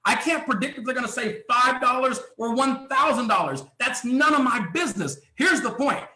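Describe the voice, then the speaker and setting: At a live event, a man delivers a motivational sales training talk, speaking emphatically, firing off rhetorical questions and frequently clearing his throat. His very high voice is expressive, pushed and bright, at a normal speed. The room is echoey.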